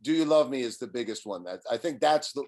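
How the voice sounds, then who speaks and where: A man chatting casually as a guest, excited and repeating words as he starts his sentences. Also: mid-range voice, fast. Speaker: guest musician. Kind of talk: casual chat.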